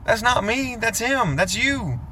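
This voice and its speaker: A man voicing a stern, disappointed, fatherly male God who scolds in a reproachful way, with a gravelly voice. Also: very high-pitched, expressive, unhurried, bright, forceful tone, a little hiss or hum, voice pushed up, heavily acted. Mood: scolding.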